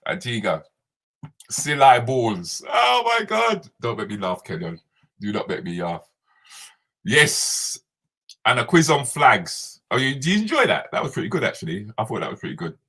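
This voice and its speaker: A man's voice: medium pitch, huge pitch swings, normal speed, bright, forceful tone, slightly rough. A man hosting a casual live stream, chatting and laughing as he answers viewer comments.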